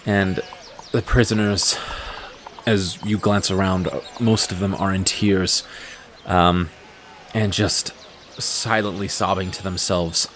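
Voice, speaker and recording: A man narrating as game master of a tabletop game, describing scenes in an unhurried way with frequent fillers. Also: deep voice, fairly even intonation, fairly bright tone, a little hiss or hum.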